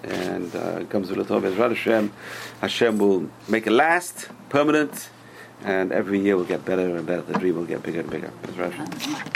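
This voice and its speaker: A man teaching a Torah class, telling stories in an animated way and swinging between loud and hushed delivery. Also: low voice, fairly quick, vocal fry, noisy background. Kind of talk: storytelling sermon.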